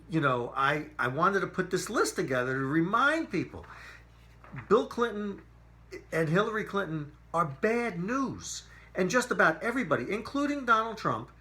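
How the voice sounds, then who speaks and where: A man's voice: mid-range voice, sharp tone. A man delivering an opinionated, sarcastic political monologue, ticking through a list with emphatic asides. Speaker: political commentator.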